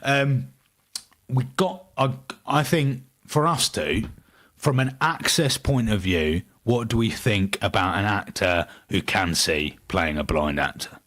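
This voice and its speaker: A man's voice: on the low side, animated, takes it slowly, a bit bright. A man co-hosting a casual podcast review, often restarting his sentences. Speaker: podcast co-host.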